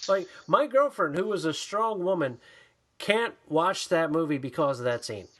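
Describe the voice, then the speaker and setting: Animated, foul-mouthed male podcast co-host. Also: on the high side, moderate pace. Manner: animated, profane, acts out quoted voices. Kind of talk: casual chat, movie review.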